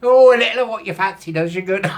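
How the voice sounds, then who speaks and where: A man's voice: high voice, quick pace, heavy background noise. A man, reading out a news article and mocking it sarcastically, laughing often at his own jokes. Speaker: commentary channel host.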